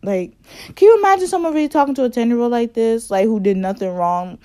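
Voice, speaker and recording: A woman's voice: on the high side, lively intonation, fast talker, mellow. A young woman casually telling a personal story, rambling with lots of fillers and laughing at herself.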